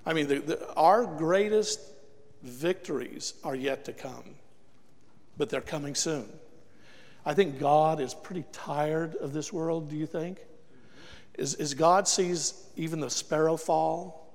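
A man's voice: on the high side, slow pace, gravelly, a little mellow, big-room sound. A man preaching a sermon to a congregation, emphatic and throwing rhetorical questions at the listeners, recorded in a church. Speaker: guest preacher. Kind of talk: sermon with altar call.

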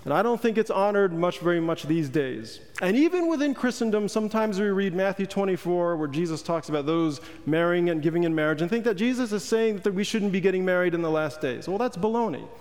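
A man's voice: sits high, expressive, a little fast, hardly any pauses, a little mellow. A male pastor preaching a sermon in a conversational, joking way, putting questions to the congregation. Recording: long hall reverb.

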